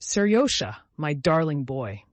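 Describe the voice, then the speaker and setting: A man reading the lines of a tender, tearful young mother in an audiobook, speaking softly and with feeling. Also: on the high side, very animated, a little slow, dry recording.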